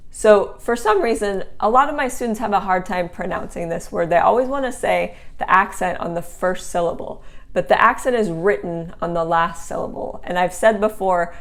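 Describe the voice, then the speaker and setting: Lower-voiced woman teaching a language lesson. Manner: patient, repeats words slowly and clearly; casual tag questions like okay and right. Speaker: Italian teacher.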